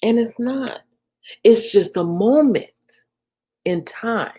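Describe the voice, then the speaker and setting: A woman giving spiritual guidance on a live stream, ending her phrases with a soft "okay?". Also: fairly high pitch, takes it slowly, breathy edge.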